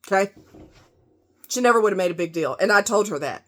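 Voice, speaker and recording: A woman's voice: mid-range voice, animated, fairly quick, a bit bright. Furious, profane woman ranting. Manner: profane, heated, emphatic. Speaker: vlogger. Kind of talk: angry rant to camera.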